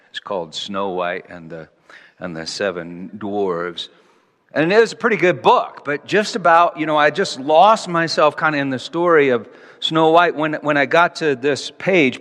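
A man in his sixties gives a self-mocking storytelling sermon, dropping to a low murmur and then rising to loud exclamations. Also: measured pace. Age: 60s. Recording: long hall reverb.

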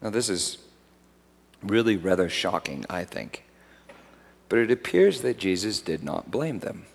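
A man preaching a sermon as pastor, swinging from hushed asides to loud emphatic peaks. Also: deep voice, sing-song, a little slow, creaky, slightly rough. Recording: long hall reverb.

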